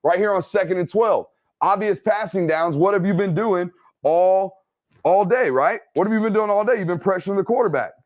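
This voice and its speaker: A man talking through game film with steady energy and a voice pitched a little high. He narrates each play and keeps checking in with his listener with "right?" and "okay?". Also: normal speed, dull audio. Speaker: football film analyst and host. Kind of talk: game film breakdown commentary.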